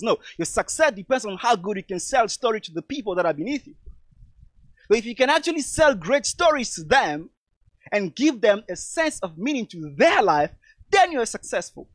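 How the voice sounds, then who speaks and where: A man's voice: high-pitched, fairly bright tone, no room sound. A man from Togo, giving an emphatic motivational speech and calling his audience "lovely people". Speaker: motivational speaker.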